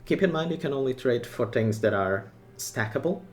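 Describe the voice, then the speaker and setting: A gaming content creator covers a game update casually, his mid-range voice moving at a moderate pace with faint music behind. He talks in short, excited bursts with opinions and asides of his own.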